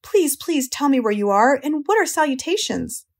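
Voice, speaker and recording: A woman voicing an eager, excitable young male pig in an audiobook, pleading and bubbling over. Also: high-pitched, measured pace, voice pushed up, full character voice. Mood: excited.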